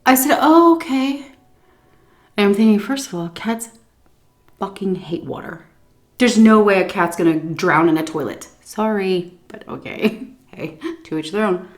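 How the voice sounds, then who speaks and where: A woman food vlogger telling a story while eating, animated, dropping to muttered asides and swearing casually. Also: mid-range voice. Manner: pauses for chewing and stomach noises while talking.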